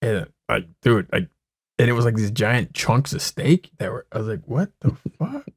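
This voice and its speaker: Profane, animated young man, dry mic. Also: fairly low pitch, normal speed, dry recording. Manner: profane, laughs a lot, animated retellings. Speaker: podcast co-host. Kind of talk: casual banter.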